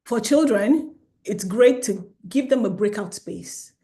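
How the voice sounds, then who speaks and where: A middle-aged woman gives a lively talk to parents about helping children calm down. She slips into the voices of parents and children to act out the moments she describes. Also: mid-range voice, a little slow. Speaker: child development specialist.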